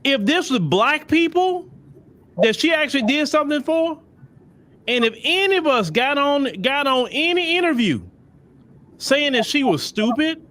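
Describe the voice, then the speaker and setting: A man's voice: very high voice, animated, measured pace, bright, forceful tone. A man hosting a commentary show, speaking straight to his audience in a preachy tone and repeating himself. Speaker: podcast host. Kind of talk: animated commentary.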